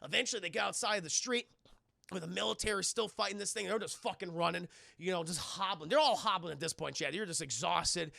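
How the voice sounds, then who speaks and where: A man with a bright, gravelly voice recaps a movie live for his chat, swearing freely and acting out the characters' lines. His voice sits high and his sound is dry and close. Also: fast talker, dry recording. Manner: profane, animated, acts out characters' lines. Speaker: streamer and film reviewer.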